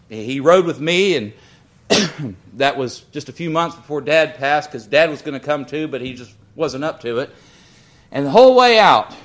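A man preaching a sermon, rising to fervent emphasis on key lines and dropping low and quiet when he tells personal stories.

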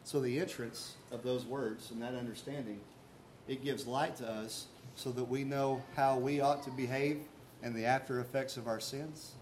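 Male pastor, earnest conversational sermon delivery, medium pitch, light background noise. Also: steady tone, normal speed. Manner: earnest, conversational preaching with rhetorical questions.

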